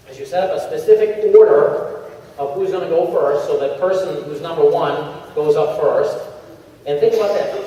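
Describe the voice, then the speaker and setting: Man coaching a crowd in an echoey hall. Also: high-pitched. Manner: animated, acts out little scenes in changing voices. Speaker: motivational speaker at a sales convention. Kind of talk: energetic coaching talk to a crowd. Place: large convention hall. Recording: echoey convention hall, far from the mic, dull sound.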